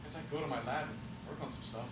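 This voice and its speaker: A man's voice: mid-range voice, fairly even intonation, racing, close to an everyday voice. A man playing a wistful, stammering sixty-year-old man in an improv comedy scene. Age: 60s. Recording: echoey room, mic far off, noise.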